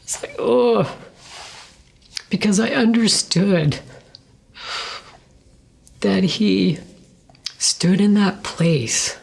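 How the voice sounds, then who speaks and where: A woman's voice: medium pitch, lively intonation, gravelly, breathy edge. A middle-aged woman telling an earnest, emotional personal testimony, acting out remembered words and sometimes dropping to a whisper. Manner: earnest, emotional, acts out her own and others' words with whispers and pauses. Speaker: guest sharing her testimony. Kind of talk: personal testimony, conversational storytelling.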